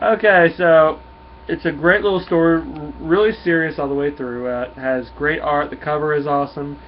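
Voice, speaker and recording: A man, reviewing a comic book in a relaxed, folksy way. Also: fairly high pitch, moderate pace. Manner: relaxed, folksy, many fillers. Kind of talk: casual comic review and read-through. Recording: dull lo-fi with faint hum.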